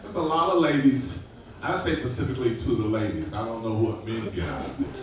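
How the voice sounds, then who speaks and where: A man's voice: brisk, a crowd in the background. Male stand-up comic, echoey and distant. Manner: crude storytelling, loud high-pitched voices for quoted people. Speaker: stand-up comedian. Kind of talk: stand-up comedy set. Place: club stage before an audience. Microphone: far camera. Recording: echoey room from far off, loud ambience.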